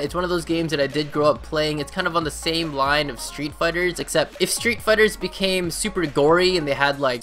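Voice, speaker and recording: A young man from Canada chats loosely through viewer questions, piling up fillers and false starts. His voice sits a touch high and sounds bright and forward, with faint music playing underneath. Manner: rambling, many fillers and restarts. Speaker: YouTuber answering viewer questions. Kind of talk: casual Q&A chat.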